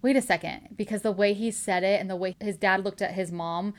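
A woman's voice: medium pitch, steady tone. Gushing woman recapping a story. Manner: chatty and gushing, laughs often, retells scenes quickly. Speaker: podcast host recapping a book. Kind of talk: casual chat.

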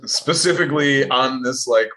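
Male guest, mid pitch, jokey interjections over a video call. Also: pushed and bright. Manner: quick, joking interjections. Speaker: podcast guest. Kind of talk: casual chat.

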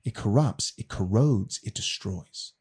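A man's voice: fairly low pitch, lively intonation, measured pace, darkish tone, slightly rough. A man casually explaining a faith question as a teacher, earnest and often repeating words as he restarts.

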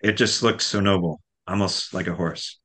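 A man's voice: low-pitched, fairly even intonation, normal speed, bright, forceful tone, breathy edge, full character voice. A man reading as a hesitant, earnest son. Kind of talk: reading aloud from a novel.

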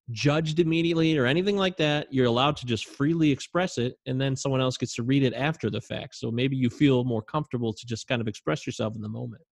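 A man co-hosting a podcast in easy, rambling chat, given to poking fun at himself. His voice has a gravelly, fry-laced edge. The sound is dry and close, with no room around it. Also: medium pitch, no echo. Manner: chatty, self-deprecating, laughs easily. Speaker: podcast co-host. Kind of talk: casual chat.

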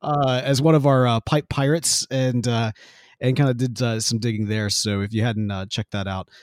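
A man's voice: mid-range voice, fairly even intonation, moderate pace, dry recording, studio quality. A man hosting a podcast in casual chat, joking with many fillers and restarts. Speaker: podcast host.

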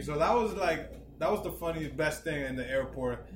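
A man, co-hosting a casual podcast and telling stories with lively voices for the people in them. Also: on the high side, a little fast. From New Jersey, United States. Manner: animated storyteller, swears, slips into voices of others. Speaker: podcast co-host. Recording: echoey room with noise behind.

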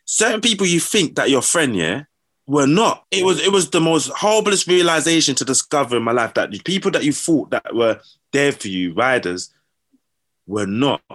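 A man's voice: mid-range voice, moderate pace. A man telling stories in casual slang, acting out what people said. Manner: slangy, animated, acts out quotes. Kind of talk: casual storytelling.

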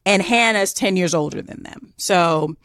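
A woman with a Southern US accent, co-hosting a podcast and telling a story in a chatty, animated way with many fillers. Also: lowish voice, a little slow, no room sound, studio quality. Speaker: podcast co-host. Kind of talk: casual storytelling chat.

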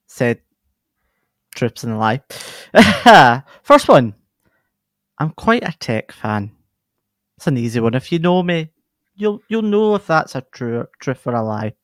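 A man's voice: mid-range voice, big pitch swings, a little slow, clean tone, dry recording. A man co-hosting a podcast in casual chat, self-deprecating with stammering restarts. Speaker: podcast co-host.

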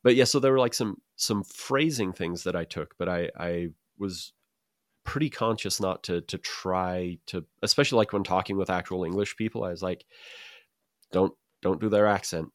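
A man's voice: low-pitched, moderate pace, dry recording. A man who grew up in Utah, co-hosting a casual chat show, rambling with repeats and dry jokes. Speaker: podcast co-host.

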